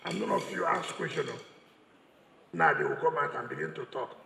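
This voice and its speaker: A man with a fairly high, gravelly voice and a Nigerian English accent speaks at a moderate pace in a large church hall, with background noise and long reverb from the echoey room. His combative political speech mocks opponents and repeats lines for emphasis.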